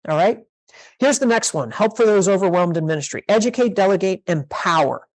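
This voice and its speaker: A woman's voice: mid-range voice, expressive, a little fast, darkish tone. A woman pastor teaching a leadership master class, emphatic and repeating her key phrases, sometimes playing out sample conversations.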